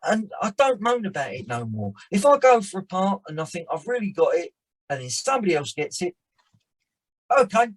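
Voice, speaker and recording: Husky, animated man. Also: sits high, a little fast, low-quality recording. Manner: animated storyteller, rambling restarts. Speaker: podcast guest, actor and director. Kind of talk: casual chat.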